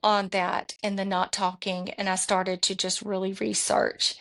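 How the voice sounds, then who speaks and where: A middle-aged woman speaks as a guest on a talk podcast. She recounts her own experience earnestly and at length, circling back and restarting her sentences as she goes. Her pitch sits in a middle range. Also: little pitch movement, a little slow, creaky, fairly bright tone. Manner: rambling, earnest, many restarts. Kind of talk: personal storytelling in conversation.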